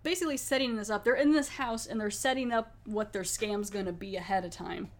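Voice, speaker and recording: A woman's voice: medium pitch, fairly quick. A woman hosting a podcast, talking in a chatty, rambling way and laughing often. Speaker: podcast host. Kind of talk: casual chat.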